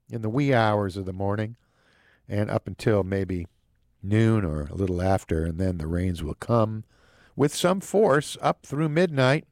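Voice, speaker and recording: A man's voice: lowish voice, darkish tone, no echo. Man hosting local news, dry and wry. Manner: wry, jokey asides. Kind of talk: casual local news and weather read.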